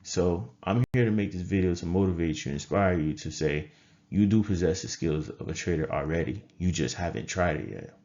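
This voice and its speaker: Deep-voiced man giving an emphatic coaching talk. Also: moderate pace, a little mellow, muffled recording. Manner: emphatic, repeats phrases for effect. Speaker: trading coach and critical care nurse. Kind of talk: motivational talk to camera.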